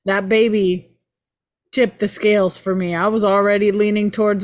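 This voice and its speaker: A woman's voice: mid-range voice, flat delivery, moderate pace. A woman on a movie review podcast, talking casually, speaking emphatically and swearing. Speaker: podcast co-host.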